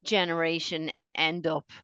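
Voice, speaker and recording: A woman's voice: low-pitched, level tone, a little slow, fairly bright tone, smooth, no room sound, dull audio. An Australian woman co-hosting a podcast in casual chat, joking and teasing herself and her friends. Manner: joking, teasing, self-mocking. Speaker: podcast co-host.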